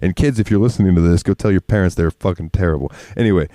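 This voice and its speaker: A man's voice: low-pitched, quick pace, warm tone, no echo, clean studio sound. A man telling rambling, profane stories as a podcast co-host, laughing often. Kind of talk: casual storytelling chat.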